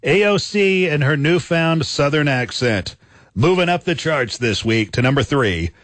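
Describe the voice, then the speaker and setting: A man announces a radio countdown of the week's top clips in a punchy, scripted style. His pitch moves around a lot, and the recording is dry, with no room sound. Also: a bit bright, no echo.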